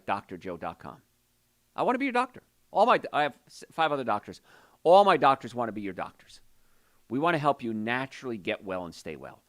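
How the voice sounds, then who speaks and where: A man hosting a call-in health show as a doctor, talking in an energetic, folksy, salesy way. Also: medium pitch. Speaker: radio show host and doctor. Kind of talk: call-in health radio talk.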